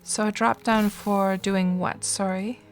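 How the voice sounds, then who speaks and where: A woman's voice: medium pitch, fairly even intonation, slow pace, soft background music. A woman streaming a game live, chatting casually with viewers and reacting to the gameplay between replies, speaking into a desk microphone. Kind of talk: casual live-stream chat while playing.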